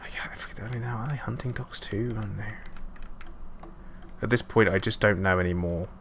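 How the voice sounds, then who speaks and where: A man chats casually through a live game stream, rambling and poking fun at himself. His voice sits low and has a gravelly texture. Faint keyboard typing ticks along behind him. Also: moderate pace, background noise. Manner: chatty, rambling, self-mocking asides. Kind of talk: casual live gameplay commentary.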